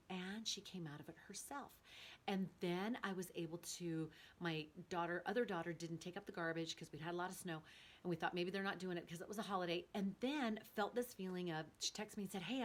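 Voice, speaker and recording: A middle-aged woman talks casually and earnestly about her day, her voice growing animated and excited as she tells it. Her pitch sits in the middle range. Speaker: host. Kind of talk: casual personal talk.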